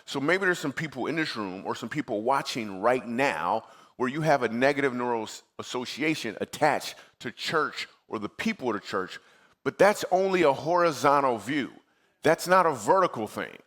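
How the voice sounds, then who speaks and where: A man's voice: mid-range voice, fairly bright tone. A man from Michigan, a comedian as guest speaker, telling a personal story in a comedic sermon and acting out his own replies in a conversational way. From Michigan, USA. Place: church stage before a live audience.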